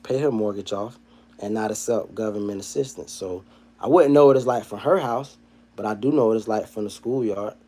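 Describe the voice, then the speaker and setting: Reading out comments from chat, a man runs a casual livestream in slangy, profane language. He shifts from quiet, mumbled asides to loud and heated ranting.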